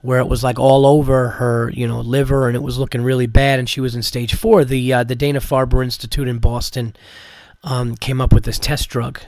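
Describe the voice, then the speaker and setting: A man's voice: mid-range voice, flat delivery, brisk, darkish tone, no echo. A man from New York, a comedian and podcast host, telling a rambling, profane story with many restarts, tired from medicine. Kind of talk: casual storytelling.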